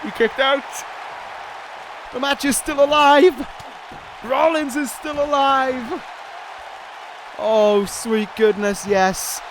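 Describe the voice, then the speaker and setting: High-voiced excitable man calling a game. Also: slow pace, pauses often. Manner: excitable, pleading and shouting at the action. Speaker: YouTube gaming commentator. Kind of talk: play-by-play commentary of a wrestling video game. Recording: loud game crowd and noise behind voice. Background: video game crowd noise.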